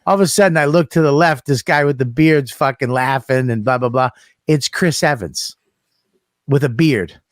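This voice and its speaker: A man telling a road story in casual chat, profane and animated, acting out the people he quotes. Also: mid-range voice, moderate pace, no echo, studio quality. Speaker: comedian guest.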